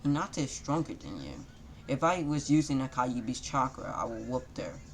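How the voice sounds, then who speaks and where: A man voicing a brash, boastful young male ninja who breaks into loud shouts and clumsy rhymes. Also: medium pitch, big pitch swings, normal speed, soft background music. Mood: rueful. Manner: shouty bursts, loose rhyming.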